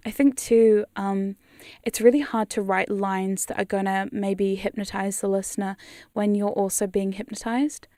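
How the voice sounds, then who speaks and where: A woman's voice: mid-range voice, darkish tone, no echo, studio quality. A woman ASMR streamer chatting casually on a live stream, giggly and rambling with casual swearing.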